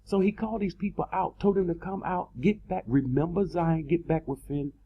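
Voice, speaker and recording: A man preaching a sermon in an online video, emphatic, repeating words and slowing down to stress his points. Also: a little high, fairly even intonation, slightly rough, dull audio.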